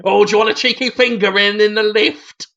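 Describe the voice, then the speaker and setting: A leering, lecherous middle-aged British shop clerk, as a man puts him on. The voice sits high and talks in a sleazy, mock-seductive way. The recording is dull and lo-fi. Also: fairly even intonation, fairly quick, gravelly, pushed and bright, full character voice.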